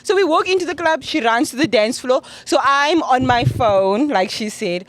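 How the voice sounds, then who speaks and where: A woman's voice: sits high, moderate pace. A woman from South Africa hosting a casual podcast chat, telling stories and acting out the voices of others. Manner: lively storyteller, acts out quoted voices. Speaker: podcast host. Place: lake house room.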